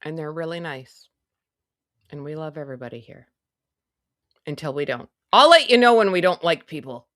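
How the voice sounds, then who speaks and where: A woman's voice: low-pitched, lively intonation, normal speed, pauses often, a bit bright, no room sound, studio quality. A woman hosting a casual livestream, chatty and self-mocking, muttering to herself as she goes. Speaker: livestream host.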